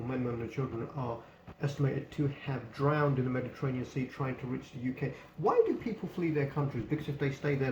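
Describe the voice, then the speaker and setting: Guy doing a blunt sweary book review, gravelly voice, echoey room with a bit of hiss. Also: mid-range voice. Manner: blunt and opinionated, swearing freely. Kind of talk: casual spoken book review. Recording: echoey room with faint background noise.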